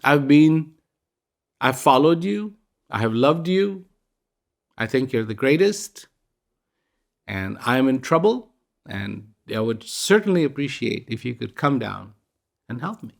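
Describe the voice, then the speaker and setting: A man's voice: medium pitch, big pitch swings, a little slow, creaky, long pauses. A man voicing a desperate woman who pleads with God and then turns indignant. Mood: pleading.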